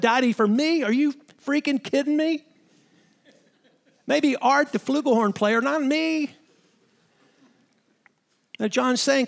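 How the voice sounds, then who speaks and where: A man preaching a sermon to fellow pastors, emphatic, repeating phrases for stress and asking the listeners direct questions. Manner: swings from soaring high-pitched exclamations to low hushed lines.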